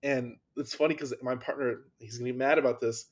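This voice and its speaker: A man's voice: medium pitch, steady tone, a little fast. A man hosting a podcast, talking enthusiastically and often restarting his sentences in casual conversation. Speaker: podcast host.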